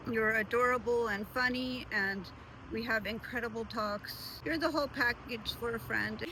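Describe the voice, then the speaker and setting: A woman's voice: a little high, moderate pace, sharp tone, slight background noise, poor audio. A woman giving a casual, sincere birthday message to a friend, rambling with fillers like "um" and "like".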